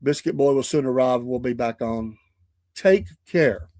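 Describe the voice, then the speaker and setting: An older man hosts a morning show, chatting in a folksy, chuckling, rambling way in casual podcast style. His medium-pitched voice moves a little slowly, and the recording is very noisy.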